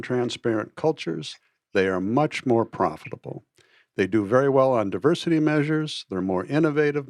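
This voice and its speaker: A man's voice: medium pitch, dry recording, studio quality. A man guest on a podcast, explaining his consulting work in a plain, good-humored way. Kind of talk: interview answer.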